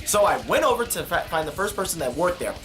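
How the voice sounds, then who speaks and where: A man's voice: high voice, big pitch swings, fast talker, music in the background. A man vlogging in a casual monologue to camera, talking in an enthusiastic, playful way.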